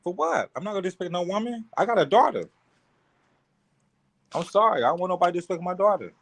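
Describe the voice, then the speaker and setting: A man co-hosting a casual talk show, calm and laid-back, speaking plainly. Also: high voice, fast talker, gravelly. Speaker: podcast co-host. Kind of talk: casual chat.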